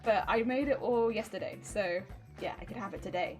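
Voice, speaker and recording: A woman's voice: mid-range voice, expressive, a little fast, darkish tone, faint music behind. A woman with an English accent, chatting casually and playfully with her stream audience while she crafts, rambling and giggling as she goes. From England. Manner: rambling, playful, giggly, reads chat aloud. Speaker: crafting livestreamer.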